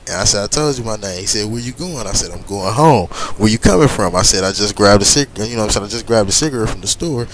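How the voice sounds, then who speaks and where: A middle-aged man telling a long personal story casually while gaming, rambling and animated. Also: fairly low pitch, fast talker, hardly any pauses, a crowd in the background. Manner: animated, rambling, frequent "you know what I'm saying". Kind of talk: casual storytelling over gameplay.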